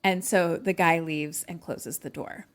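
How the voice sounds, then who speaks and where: A woman's voice: fairly low pitch, fairly even intonation, measured pace. Chatty young woman retelling a movie. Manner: chatty, many "like"s, acts out lines from the film. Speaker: podcast co-host. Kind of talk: casual chat, retelling a movie plot.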